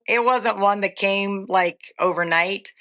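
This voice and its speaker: A woman's voice: medium pitch, slow, a bit bright. A middle-aged woman speaking as a podcast guest in casual interview talk, candid and upbeat, with filler ums. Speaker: guest, rodeo stock contractor.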